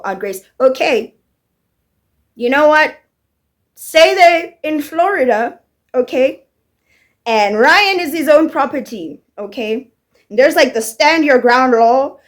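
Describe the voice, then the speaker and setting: A woman's voice: high voice, animated, takes it slowly, long pauses. A woman giving a heated, profane rant about a TV finale, firing off rhetorical questions as a commentator. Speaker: TV show commentator. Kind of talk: casual ranting review.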